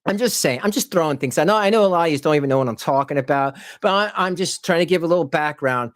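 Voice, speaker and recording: A man hosting his channel, heated and profane, ranting in casual commentary and laughing often. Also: fast. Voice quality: animated, jumps into high mocking voices when quoting critics. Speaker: channel host.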